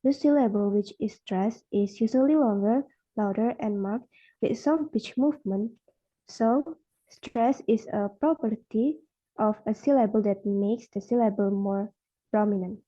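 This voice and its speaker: A woman's voice: medium pitch, warm tone. Young woman reading a class presentation. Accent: Indonesian. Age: young adult. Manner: careful, slows to model stressed words. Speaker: student presenter. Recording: muffled lo-fi recording.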